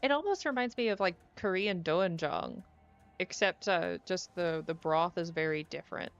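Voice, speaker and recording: Chatty low-voiced woman streamer. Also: normal speed. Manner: chatty, easily excited, musing aloud. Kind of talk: casual stream chat while playing. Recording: dull lo-fi audio with faint music.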